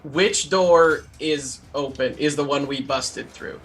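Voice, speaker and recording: A man's voice: fairly high pitch, slow pace, fairly bright tone. A man playing in a tabletop game, chatting casually and asking questions to check details. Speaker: player.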